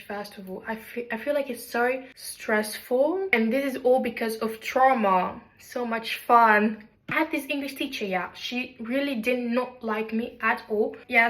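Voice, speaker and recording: A woman's voice: on the high side, a bit bright. A young woman from Belgium talking casually to her vlog camera in her kitchen, chatty and self-deprecating as she tells stories. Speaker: vlogger. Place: home kitchen.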